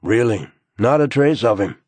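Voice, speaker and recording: A man voicing a tired, heavyset male crime scene investigator who answers wearily and gruffly in an audiobook. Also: medium pitch, animated, normal speed, darkish tone, no echo, pitched above the performer's own voice, natural voice. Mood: weary. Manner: weary, gruff replies.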